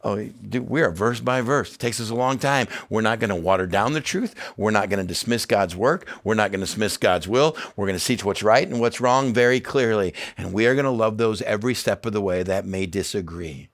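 A middle-aged man preaching a sermon in a fairly low voice. He is earnest and emphatic and repeats key phrases for weight. Now and then he drops into casual, chatty asides. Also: brisk, few pauses. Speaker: pastor.

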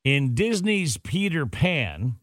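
A man's voice: fairly high pitch, very animated, takes it slowly, a little hiss or hum. A man hosting a morning radio show, running a quiz and teasing his co-host in studio banter. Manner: joking, teasing.

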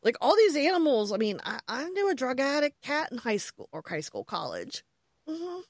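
A woman co-hosting a podcast from home, telling a story in a lively, exclaiming way and laughing often. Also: sits high, normal speed, no room sound. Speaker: podcast co-host. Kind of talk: casual chat. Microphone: headset earphones.

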